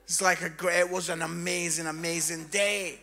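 A man's voice: a little high, moderate pace. A middle-aged man preaching a humorous sermon to a congregation, telling stories with comic impressions. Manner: animated storytelling with comic impressions. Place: church hall with congregation.

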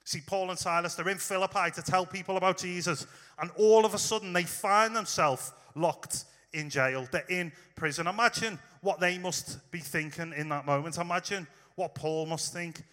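A man's voice: sits high, moderate pace, bright, forceful tone, long reverb tail. A man preaching in a casual, storytelling way, talking straight to his listeners. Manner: informal, storytelling, direct address to listeners. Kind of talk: conversational sermon.

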